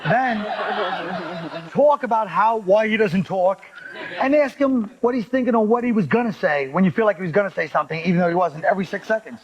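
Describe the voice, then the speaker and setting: A man hosting a comedy talk show, reading out viewer letters and giving sardonic mock advice with deadpan put-downs. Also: high voice, a little fast. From United States. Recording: slightly dull lo-fi TV audio, faint hiss.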